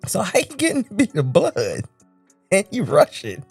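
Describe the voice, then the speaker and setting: A woman's voice: mid-range voice, huge pitch swings, moderate pace, gravelly, darkish tone, husky, no echo, faint music behind. A woman hosting a reaction video, laughing and incredulous as she comments. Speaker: reaction host.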